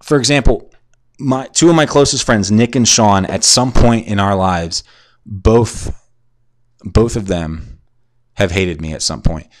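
A man's voice: fairly low pitch, a little slow, dry recording, clean studio sound. A man in his twenties hosting a podcast from home, telling a crude, profane story in a rambling, digressive, self-mocking way while drunk and concussed. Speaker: podcast host. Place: at home in a shared house.

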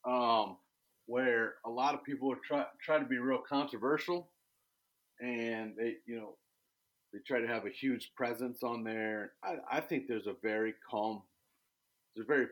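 A man speaking as a podcast guest, blunt and emphatic, his pitch sitting in an ordinary middle range. He restarts his sentences often as he pushes his point, and jumps up into loud, high voices when quoting other people. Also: moderate pace, poor audio. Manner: bold, direct and emphatic, with many restarts. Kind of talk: casual conversation.

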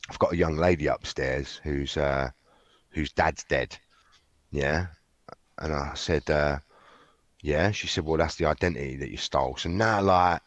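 A man telling his story frankly in an interview, halting often with fillers and restarts. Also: deep voice, no echo. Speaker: interview guest. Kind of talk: candid conversational storytelling.

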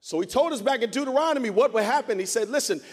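A man's voice: very high-pitched, lively intonation, fast, a little mellow. A male pastor delivering a dramatic sermon, emphatic and repeating phrases for effect. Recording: long hall reverb.

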